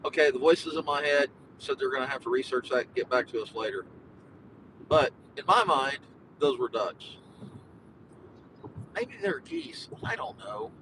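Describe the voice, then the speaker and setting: A man's voice: normal speed, long pauses. A man livestreaming from his car, a podcast host chatting casually and rambling with jokes. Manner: jokey, meandering, sings and makes animal noises. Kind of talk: rambling casual live stream while driving. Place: car in traffic. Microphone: phone in car. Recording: faint road noise in car. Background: engine rumble.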